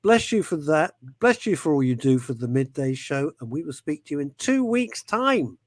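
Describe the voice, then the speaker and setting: A man's voice: a little high, no room sound. A man hosting a talk show, joking and laughing, often trailing off and restarting his sentences. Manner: animated, jokey, quick to laugh, trails off and restarts. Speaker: radio show host. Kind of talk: casual talk show banter.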